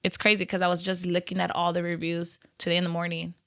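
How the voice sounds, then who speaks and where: A woman's voice: lowish voice, completely flat delivery, fast talker, a bit bright, dry recording, studio quality. A woman business owner chatting in an interview, talkative and laughing often, with lots of "you know" fillers. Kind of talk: casual interview chat.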